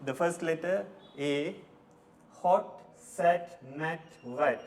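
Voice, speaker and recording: A man teaching a recorded English lesson from Sri Lanka, drilling words slowly one at a time. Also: a little high, a little mellow. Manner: slow, deliberate word-by-word drilling. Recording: distant mic, faint room noise.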